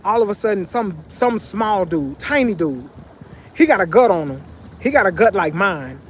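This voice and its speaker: A man with a notably high voice spins a casual storytime tale for his vlog, animated and full of slang and repeated phrases. He talks from a bench, with a faint hum of noise behind him. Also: normal speed. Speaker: vlogger. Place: sitting on a bench.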